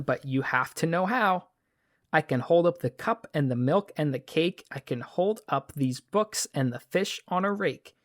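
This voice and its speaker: A man's voice: a little high, dry recording, clean studio sound. A man voicing a mischievous, boastful cat in a hat, read aloud in a sing-song storybook rhythm.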